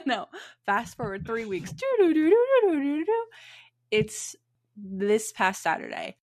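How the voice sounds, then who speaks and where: A woman's voice: medium pitch, a little slow, no room sound, studio quality. A woman co-hosting a podcast, telling a trip story in easygoing casual chat. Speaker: podcast co-host.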